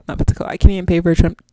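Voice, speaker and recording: A woman in her twenties hosts a podcast solo, rambling in casual slang and swearing freely. Her voice is on the low side with a dark tone, and the recording is dry.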